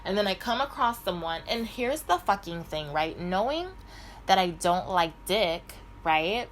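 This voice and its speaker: Profane, animated middle-aged woman vlogger. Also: on the low side, a little slow, slight background noise, low-quality recording. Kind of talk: casual storytime monologue.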